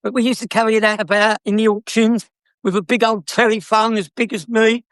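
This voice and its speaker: A man's voice: high voice, little pitch movement, a little fast, a bit bright, no echo, studio quality. Cheeky older South London man. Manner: chatty, laughing, cheeky, acts out customers. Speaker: guest, former car dealer. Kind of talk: anecdotal storytelling.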